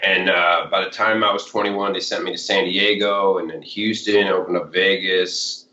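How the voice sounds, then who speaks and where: Chicago-accented man, fifties, loose rambling interview guest, lowish voice, muffled lo-fi take. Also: steady tone, normal speed, sharp tone. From Chicago area. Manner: rambling, full of "like" and "you know". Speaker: blues musician guest. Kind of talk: casual storytelling interview. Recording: roomy, dull lo-fi sound.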